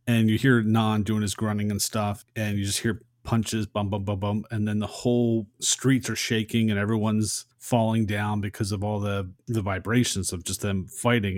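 A man's voice: lowish voice, a little mellow, dry recording, clean studio sound. A man in a casual podcast chat, animatedly recapping movie scenes and acting out short quotes. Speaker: podcast co-host. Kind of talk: casual film discussion.

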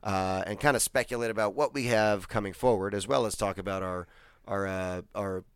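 A man in relaxed podcast chat who delivers jokes deadpan and lets sentences trail off. His voice is smooth and clear, close-miked in a dry room. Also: on the low side, brisk, no echo. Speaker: podcast co-host. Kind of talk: casual chat.

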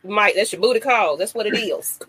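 An excitable woman runs a laid-back sports talk show. She talks straight to her listeners and rallies them, with a mid-range voice. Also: medium pitch, moderate pace, a crowd in the background. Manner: excitable, hypes the audience. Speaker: host.

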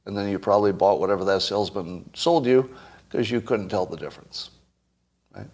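A man's voice: fairly low pitch, a little fast, darkish tone, slightly rough. A man hosting a solo commentary monologue, blunt, sarcastic and emphatic. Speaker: host.

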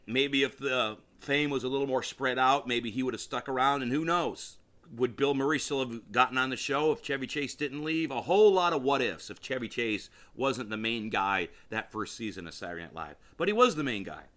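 A man talks on his own podcast in a loose, enthusiastic ramble. His voice is bright and forward, and he often breaks off mid-sentence to start over. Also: mid-range voice, lively intonation, normal speed. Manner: rambling and enthusiastic, with frequent restarts. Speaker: podcast host. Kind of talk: casual solo podcast commentary.

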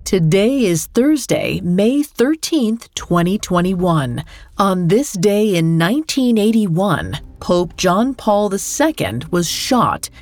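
A woman hosting a podcast, giving scripted true crime narration in a measured, dramatic way. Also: mid-range voice, sing-song, a little mellow, soft background music. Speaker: podcast host.

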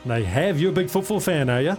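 A man's voice: fairly high pitch, expressive, quick pace, a little mellow, faint music behind. A man hosting a radio sports quiz, upbeat and matey with plenty of slang. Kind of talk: casual radio banter. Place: radio studio.

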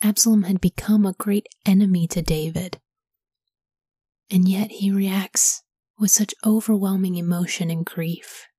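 A woman hosting a Bible podcast, reading scripture in a soft whisper and pausing to ask reflective study questions. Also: mid-range voice, fairly even intonation, breathy edge, no room sound, studio quality.

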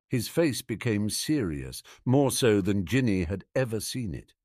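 A man narrating a fan fiction audiobook with expressive storytelling. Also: fairly low pitch, measured pace, few pauses, dry recording, studio quality, faint music behind.

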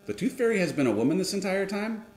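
A man's voice: sits high, sing-song, quick pace, a little mellow, roomy sound. A man co-hosting a casual chat, cutting in with dry jokes. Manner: dry joking interjections. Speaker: podcast co-host.

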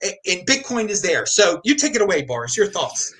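Man, host, hyped, high animated voice, bright tone. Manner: hyped, loud and fast-talking. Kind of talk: excited live stream chat.

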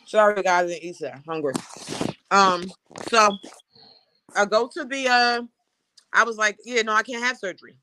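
Bright, animated woman telling a story. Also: medium pitch, moderate pace, pauses often, no room sound. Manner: animated, frank, laughing storyteller. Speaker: host. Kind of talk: casual storytelling chat.

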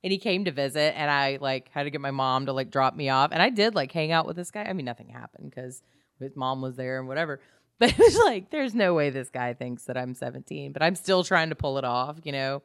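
A woman's voice: a bass voice, expressive, fairly quick, clear, resonant tone, no echo, clean studio sound. A woman co-hosting a podcast, telling long rambling stories in a casual chat. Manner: chatty, rambling storyteller. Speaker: podcast co-host.

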